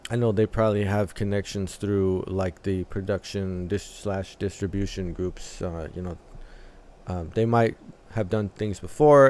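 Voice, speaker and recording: A man hosting a music reaction channel, talking through a track in a thoughtful, analytical way with many filler pauses. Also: fairly low pitch, darkish tone.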